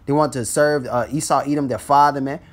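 A man's voice: medium pitch, steady tone, a little fast. A man teaching scripture in a casual, blunt street style, ending almost every phrase with "man". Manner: blunt and profane when exhorting.

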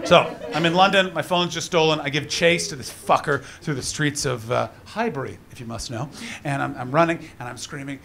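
A man doing a live stand-up routine, loud and profane, shouting his punchlines. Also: a little high, a little fast, vocal fry. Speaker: stand-up comedian. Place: large comedy venue with live audience. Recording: live stage mic with crowd. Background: audience laughter.

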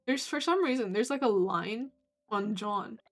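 A young woman streaming a game, talking casually and swearing freely, with loud outbursts at enemies. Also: on the high side. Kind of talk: casual gameplay commentary. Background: faint game music.

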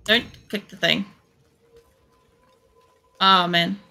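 A woman streamer giving casual, chatty gameplay commentary, swearing freely as she thinks out loud. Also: on the low side, fairly even intonation, very slow, gravelly, soft background music. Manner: chatty and profane, thinking aloud. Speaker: game streamer.

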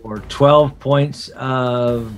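A man's voice: medium pitch, fairly even intonation, extremely slow, heavy background noise. A man playing a tabletop game, counting out his moves, attack rolls and damage. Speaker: player.

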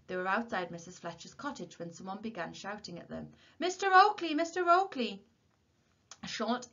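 Woman teacher, low voice, reading a story aloud, dull lo-fi recording. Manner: steady, expressive storytelling. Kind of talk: reading a novel aloud to a class.

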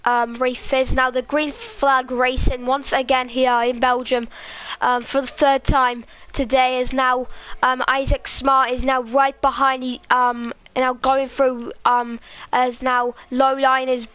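A woman with a Scottish accent giving live race commentary in a halting, rambling way, full of fillers. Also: high-pitched, little pitch movement, a bit bright, smooth. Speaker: sim racing commentator.

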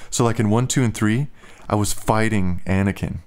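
Low-voiced man slurring a little. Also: normal speed, a little mellow. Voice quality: slightly slurred speech. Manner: loose, filler-heavy talk with "like". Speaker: musician and vlogger. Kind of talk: casual rambling vlog chat.

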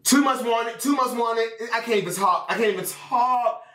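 A man hosting an album reaction, talking to viewers in an animated, exclaiming way over the music. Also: very high-pitched, normal speed. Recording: roomy, slightly distant mic with music.

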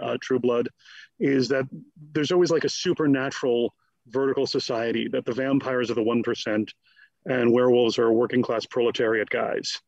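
Male guest scholar, husky, animated and digressive; dry, lo-fi recording. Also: mid-range voice, no room sound. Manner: animated, digressive, slips into quick mock voices. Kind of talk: conversational interview.

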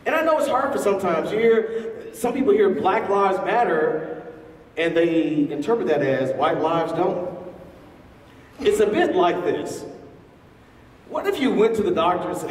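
A man's voice: sits high, lively intonation, a little slow, long pauses. A man giving a public talk to a live audience, asking the crowd questions as he speaks. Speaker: featured speaker. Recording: echoey hall from far off.

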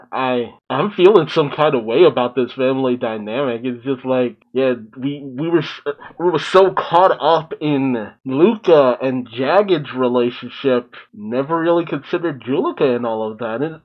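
A man's voice: medium pitch, highs cut off. A man giving casual, emotional reaction commentary on a cartoon episode, often exclaiming and laughing. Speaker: reaction video host.

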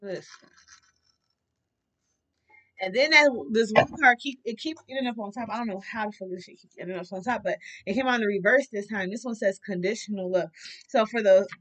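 A woman talks through a tarot reading in a loose, casual monologue. She is blunt and animated, with plenty of profanity, and her voice sits at a middle pitch. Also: brisk. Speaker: tarot reader.

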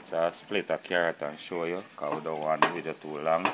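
A Jamaican man with a remarkably deep voice hosts his outdoor cooking channel. He talks to his viewers in a loose, patois-flavoured way. Frying sizzle and the clatter of pots carry clearly behind him. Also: level tone, fairly quick, heavy background noise. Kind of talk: casual cooking vlog. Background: frying sizzle and pot clatter.

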